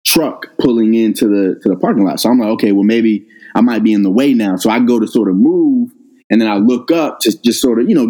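A middle-aged man, a guest on an interview, telling a personal story in a casual, animated way and jumping up in pitch when he quotes himself. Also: rough recording. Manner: animated retelling, rises sharply when quoting himself. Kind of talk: conversational storytelling.

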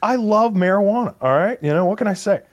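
A man's voice: sits high, animated, quick pace, lo-fi sound. A man co-hosting a podcast, telling loose stories full of fillers and swearing. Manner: loose, profane, rambling with many fillers. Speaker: podcast co-host. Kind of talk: casual chat, storytelling.

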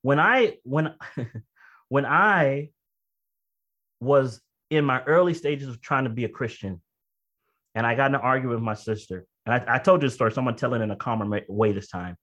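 A man delivers a sermon in a relaxed, conversational way, his voice sitting at a middle pitch. He rushes through side remarks and then slows to a heavy, deliberate pace for his key points. When he relives an emotional moment, his voice leaps high and loud. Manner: conversational, pace swings between quick asides and slow emphatic phrases. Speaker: preacher. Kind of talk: sermon with personal story.

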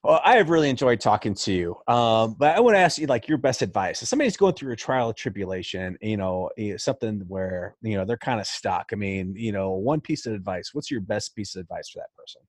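A man's voice: lowish voice, big pitch swings, a little fast, few pauses, no echo, clean studio sound. A man hosting a podcast in casual chat, playful and self-mocking, now and then putting on silly voices. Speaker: podcast host.

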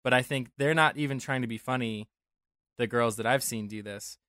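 A man's voice: medium pitch, moderate pace, sharp tone, clean tone, no room sound. Rambling young man from Denver, dry sound. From Denver, USA. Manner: rambling, self-correcting, jokey. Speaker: podcast co-host. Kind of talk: casual chat.

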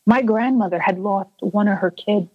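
A woman speaks earnestly as an interview guest, telling a personal story and often restarting her sentences. Her voice sits at a middle pitch. The recording is dry and slightly muffled. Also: normal speed, dry recording. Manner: earnest, repeats and restarts, acts out quoted voices.

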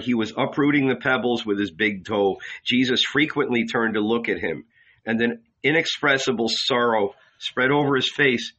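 A man narrates an audiobook in a measured, dramatic reading. His voice is bright and forward, and the recording sounds dull and lo-fi. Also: medium pitch. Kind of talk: scripted narration.

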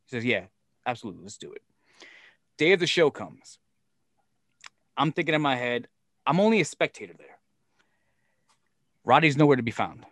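A man's voice: mid-range voice, normal speed, long pauses, no echo, clean studio sound. A man casually telling a long story and acting out the other people's lines, swearing often. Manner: profane, animated, acts out quoted voices. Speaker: podcast guest telling stories.

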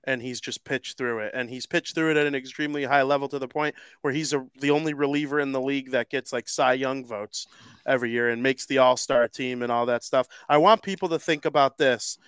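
A man hosting a casual sports podcast, joking and excitable as he talks. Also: medium pitch, a little fast, clean tone, dry recording. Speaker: podcast host.

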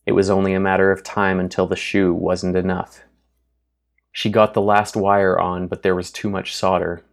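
Deep, flat-voiced male narrator. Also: moderate pace, gravelly. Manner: steady, even storytelling. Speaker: audiobook narrator. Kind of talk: scripted narration.

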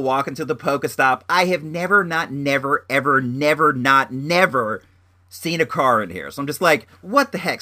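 A man's voice: sits high, pushed and bright. A young man telling a rambling story in a casual vlog, with lots of fillers and restarts. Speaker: vlogger.

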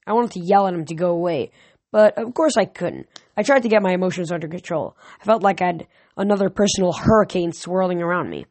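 A woman reads a novel aloud in a plain, unhurried way, stopping now and then to restart a phrase. The recording is dry and close, with no room sound around her. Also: on the low side, a little mellow, no room sound. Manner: plain reading with small restarts. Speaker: audiobook reader.

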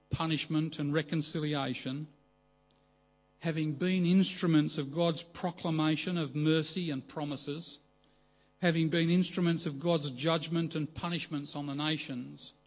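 A man preaching a measured, earnest sermon, slowing down for emphasis. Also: a little high.

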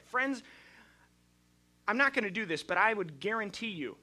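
A man's voice: sits high, animated, normal speed, pushed and bright. A male pastor preaching a sermon in a conversational, storytelling way, often restarting his sentences.

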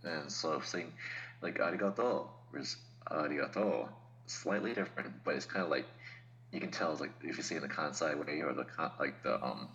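A man's voice: rumbling low, a little fast, bright, forceful tone, muffled recording, a little hiss or hum. A man talking as a podcast guest in casual chat, explaining things patiently with laughs and asides.

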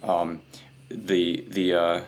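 A man's voice: deep voice, monotone, drawn-out words. A man who builds houses for a living, talking casually on a podcast with frequent fillers and hesitations. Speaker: podcast guest, home builder. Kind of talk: casual conversation.

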